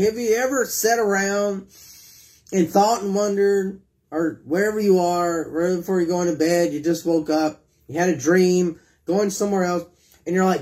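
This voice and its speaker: A man with a high voice preaches a sermon. He retells scripture in his own words and keeps turning to ask his listeners questions. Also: fairly even intonation, normal speed, a little mellow.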